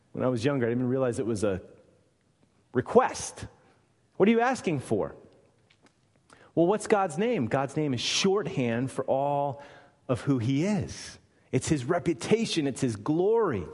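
Emphatic preacher in an echoing hall. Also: male voice, mid-range voice, darkish tone, slightly rough. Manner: emphatic, asks rhetorical questions. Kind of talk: sermon.

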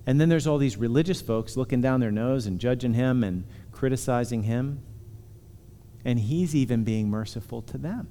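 A man preaching a sermon, earnest and emphatic, slowing down to stress key words. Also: mid-range voice, warm tone, a little hiss or hum. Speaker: pastor. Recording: long hall reverb.

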